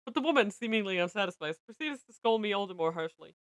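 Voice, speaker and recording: A young woman streaming, reading a visual novel aloud with expressive narration. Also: medium pitch, fast talker, dry recording, rough recording. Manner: expressive narration, breaks into laughter.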